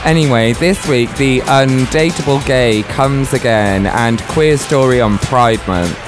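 A man co-hosting a radio show from a small studio, with loud, teasing, camp banter. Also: mid-range voice, measured pace. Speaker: radio co-host. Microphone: studio microphone. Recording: studio radio with music bed.

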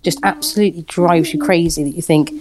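A young woman with a Bristol accent chats in a rambling, friendly way as a guest on a remote interview call. Her voice is on the low side, fairly even, and a little fast, with crowd noise in the background.

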